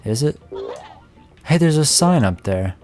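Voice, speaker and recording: A man's voice: on the high side, very animated, a little slow, a little mellow. A young man streaming a game, chatting and joking to himself as he plays. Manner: chatty, jokey, talks to himself while playing. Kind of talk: live gameplay commentary. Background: game music.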